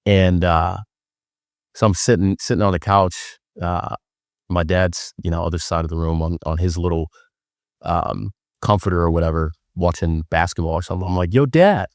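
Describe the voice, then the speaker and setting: A man's voice: low voice, level tone, moderate pace, no echo, studio quality. A young man hosting a podcast, telling stories in a loose, joking way with lots of fillers. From Wisconsin. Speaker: podcast host. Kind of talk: casual storytelling monologue.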